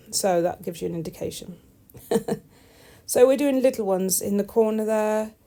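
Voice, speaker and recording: A woman's voice: medium pitch, unhurried, creaky, warm tone. A woman, a nail technician, chatting casually over her tutorial with wry, self-deprecating asides.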